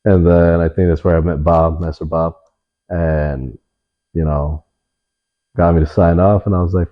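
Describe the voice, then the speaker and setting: Chill young guy, real low voice, swears constantly, kinda muffled audio. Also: fairly even intonation, measured pace, pauses often. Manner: laid-back, swears a lot, many fillers. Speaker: interviewee. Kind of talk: casual storytelling in an interview.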